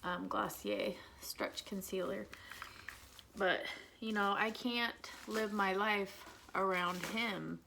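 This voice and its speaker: A woman's voice: medium pitch, lively intonation, takes it slowly, vocal fry, pushed and bright, slight background noise, rough recording. A woman, chatting candidly as she does her makeup at home and venting about her son. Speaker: vlogger, mother of an autistic son. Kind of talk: casual makeup vlog chat.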